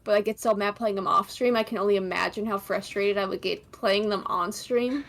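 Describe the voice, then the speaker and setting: A woman streamer in casual chat, blunt and quick to laugh, swearing freely. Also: medium pitch, fairly even intonation, a bit bright. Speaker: podcast host.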